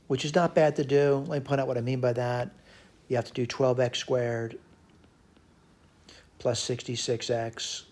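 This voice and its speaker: A man teaching a recorded math lecture, working through a problem out loud and correcting his own slips as he goes. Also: mid-range voice, slightly rough. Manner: talks to himself while working problems, frequent self-corrections.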